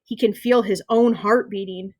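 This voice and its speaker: A woman reading a children's novel aloud in a steady, expressive storytelling manner. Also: medium pitch, moderate pace, husky, no room sound. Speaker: reader.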